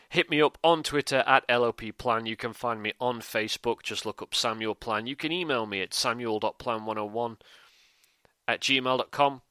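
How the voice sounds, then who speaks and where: A man's voice: mid-range voice, bright, forceful tone, smooth, no echo. A man hosting a podcast, talking in a chatty, rambling way. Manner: chatty, rambling, upbeat plugs. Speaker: podcast host. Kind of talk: casual podcast chat.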